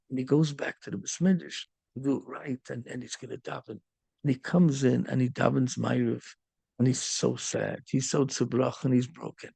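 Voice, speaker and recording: Gravelly-voiced rabbi telling a story. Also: male voice, mid-range voice, moderate pace, no room sound. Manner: animated storyteller with Yiddish and Hebrew words. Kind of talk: storytelling sermon.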